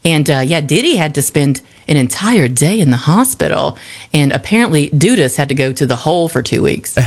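Speaking at a moderate pace in a low, expressive voice, a woman co-hosting a radio morning show shares celebrity gossip in the studio. Her casual showbiz talk is chatty and wry, and she laughs easily.

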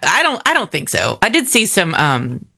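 Bright, wry co-host who swings her pitch freely and laughs easily. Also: huge pitch swings, moderate pace, vocal fry. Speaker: podcast co-host. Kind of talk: casual TV recap chat.

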